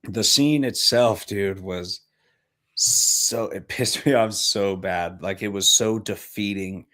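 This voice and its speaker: A man co-hosting a casual podcast review, talking in a relaxed, slangy, emphatic way. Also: lowish voice, slow. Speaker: podcast co-host.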